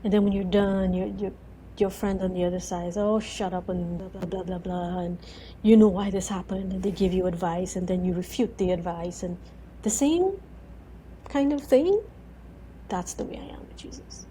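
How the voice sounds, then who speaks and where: A woman in her thirties, a guest in an interview, telling her story in an animated way, full of repeated "and"s and acting out her own words. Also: on the low side, normal speed, slight background noise, poor audio. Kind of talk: conversational interview.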